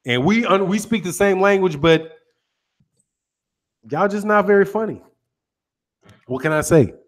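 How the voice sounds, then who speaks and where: A man's voice: high-pitched, animated, a little slow. Laughing, profane American man ranting. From United States. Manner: profane, teasing, laughs often. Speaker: boxing channel host. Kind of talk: casual ranting commentary.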